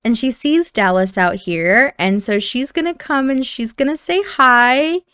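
A woman's voice: fairly high pitch, unhurried, a bit bright, clear, resonant tone, no room sound, studio quality. A woman chattily narrating a life-simulation gameplay session, giggling now and then.

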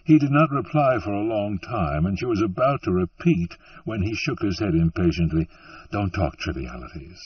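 A man reading an audiobook in a slow, measured storytelling manner. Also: fairly low pitch, animated, breathy edge, no echo, recorded from a distance. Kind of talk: scripted audiobook narration. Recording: muffled, dry, from off-mic.

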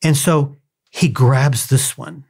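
A man of middle pitch co-hosts a casual podcast about a novel. He reads long passages aloud and breaks off into friendly anecdotes. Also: fairly even intonation, slow pace, creaky, darkish tone, slightly rough. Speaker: podcast co-host. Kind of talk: casual book discussion with read-aloud passages.

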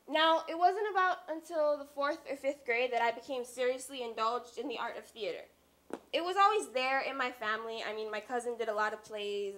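High bright teenage girl giving a talk. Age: teens. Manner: earnest and confiding, with wry asides. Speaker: student speaker. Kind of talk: personal stage talk. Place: stage at a youth talk event.

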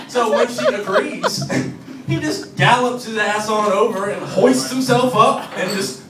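A man's voice: very high-pitched, lively intonation, measured pace. A young man doing a stand-up set at an open mic in a bar and grill, loose and profane and chuckling through his lines. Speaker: comedian. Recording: echoey room from far off, crowd noise.

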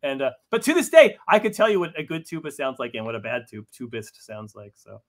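Animated and a little fast, this mid-range male voice belongs to a comic book writer chatting as an interview guest. The talk is casual, marked by frequent stammered restarts and a habit of self-deprecation.

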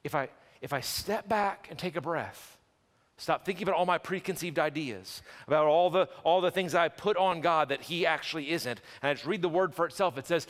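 A male pastor preaching a sermon in a church sanctuary, animated and conversational with quick restarts and jokes. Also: a little high. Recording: long church hall reverb.

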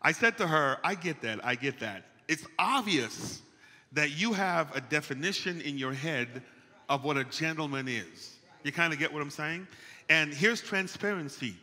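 Long reverb from the church hall surrounds this pastor as he preaches in the sanctuary, animated and playful in a conversational way, calling out to his congregation. He speaks at a moderate pace in a voice that's a little high.

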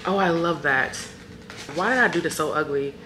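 A woman's voice: deep voice, moderate pace, bright, forceful tone, roomy sound, a little hiss or hum. A young woman vlogger, chatting playfully and directly to her viewers. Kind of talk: casual sponsored vlog chat.

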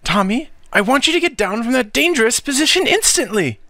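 Guy doing a shrill fussy auntie, high pitched and scolding, storybook voice. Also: sing-song, fairly quick, bright, forceful tone, no echo, studio quality, full character voice. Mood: alarmed. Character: fretful anxious aunt, middle-aged woman.

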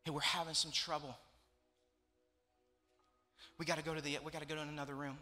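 A young man preaches in a large church hall, his bright, ringing voice carried by a long reverb over soft music. He tells his story with emotional, repeated phrases. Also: a little high, little pitch movement, a little fast. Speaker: pastor. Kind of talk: sermon.

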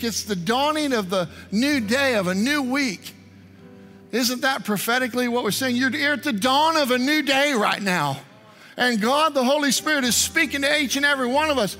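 Pastor, male, high and bright, earnest sermon delivery over soft music. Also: moderate pace. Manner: earnest preaching with prayerful asides. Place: church. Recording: online service stream with music.

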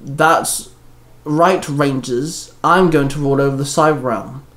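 A man's voice: mid-range voice, measured pace, fairly bright tone. A man voicing a haughty young villainess princess, delivering her lines with a sneer. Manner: sneering, snappish.

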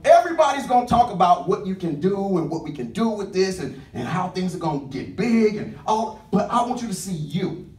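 Male pastor, high voice, lively call-and-response preaching, distant mic in a reverberant sanctuary. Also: a little fast. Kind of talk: sermon. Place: church sanctuary. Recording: echoey church room, mic at a distance. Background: congregation responding with amens.

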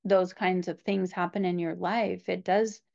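A woman's voice: fairly low pitch, fairly even intonation, measured pace, vocal fry, darkish tone, highs cut off. A woman guest in a casual faith conversation, earnest and reflective. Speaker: podcast guest.

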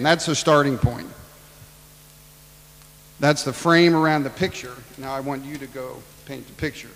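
A man preaching a sermon, acting out Bible dialogue in his own voice and swinging between loud and hushed. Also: mid-range voice, steady tone, a little slow, pauses often, in a large hall, poor audio. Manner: preaching with acted-out Bible dialogue, rising and falling in volume. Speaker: pastor.

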